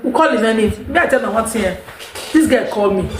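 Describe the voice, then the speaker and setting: A woman's voice: a little high, animated, fairly quick, a little hiss or hum. Emphatic Nigerian woman in an echoey room. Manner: emphatic, rambling, repeats herself. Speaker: vlogger. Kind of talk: unscripted monologue to viewers.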